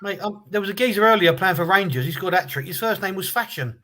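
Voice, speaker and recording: Male co-host, high voice, casual watch-along banter, quick to react and swear. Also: animated, bright, forceful tone, a little hiss or hum.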